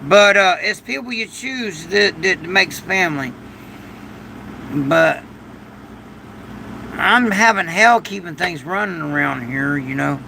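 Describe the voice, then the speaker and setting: Older man, gravelly, high voice, slow, rambling livestream chat. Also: a little hiss or hum, rough recording. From United States. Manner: rambling, thanks viewers with loud bursts. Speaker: livestream host. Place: shed during a storm.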